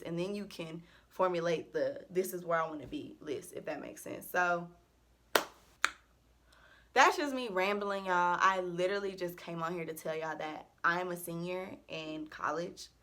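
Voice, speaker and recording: A young woman in her early twenties talks straight to her viewers in a casual, heartfelt vlog. Her voice is bright and clear, and she speaks earnestly, sometimes close to tears as she shares her faith. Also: lowish voice. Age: early 20s. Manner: emotional, earnest, faith-filled and chatty. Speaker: vlogger. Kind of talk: casual heartfelt vent to camera.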